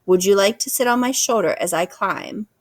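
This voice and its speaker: A woman voicing a calm, polite female robot who speaks in a formal, measured way. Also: mid-range voice, no echo, voice pushed up, close to an everyday voice.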